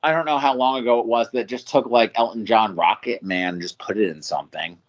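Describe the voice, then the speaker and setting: A man's voice: lowish voice, brisk. Rambling podcast host man, lo-fi sound. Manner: rambling, enthusiastic, casually profane. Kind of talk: casual music podcast chat.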